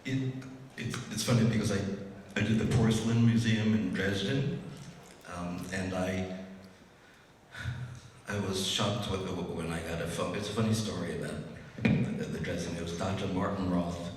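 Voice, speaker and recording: A man speaking as a guest architect, telling anecdotes to a live audience in a rushed, lively way with frequent restarts. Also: low-pitched. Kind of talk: anecdotal storytelling on stage. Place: large event hall with a live audience. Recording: roomy hall echo, distant, faint hiss.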